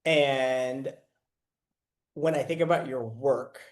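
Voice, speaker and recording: A man hosting a podcast, talking in a reflective, halting way. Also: medium pitch, echoey room. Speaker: podcast host. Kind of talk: casual interview.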